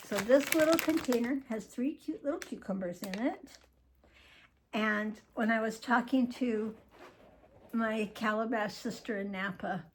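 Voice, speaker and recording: Showing viewers her grocery haul, an older woman chats along in a rambling, cheerful way. She has a mid-range voice, with a little background noise in the recording.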